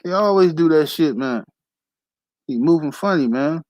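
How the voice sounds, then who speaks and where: A man hosting a casual boxing livestream, ranting fast and animated with heavy profanity and slang. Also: a little high, dry recording, rough recording. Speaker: boxing talk show host.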